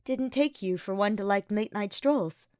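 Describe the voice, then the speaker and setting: A woman reading the lines of an earnest, anxious young male knight, soft and hesitant. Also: mid-range voice, a little slow, clear, resonant tone, no echo, studio quality, lightly acted. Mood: worried.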